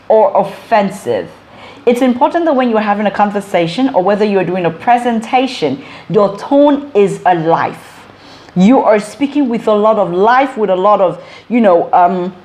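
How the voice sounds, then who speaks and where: A woman's voice: mid-range voice, a little mellow. Woman giving emphatic advice to camera. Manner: emphatic, list-like repetition of phrases. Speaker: vlogger and communication coach. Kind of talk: direct-to-camera advice talk.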